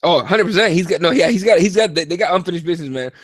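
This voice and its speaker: A tired man co-hosting a casual sports podcast, talking in a profane, animated and rambling way. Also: high voice, racing, breathy edge, no echo, clean studio sound. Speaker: podcast co-host.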